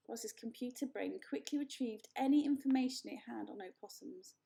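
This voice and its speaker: A woman reading a children's book aloud, in an expressive, gentle storytelling style. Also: a little high, normal speed, vocal fry, hardly any pauses.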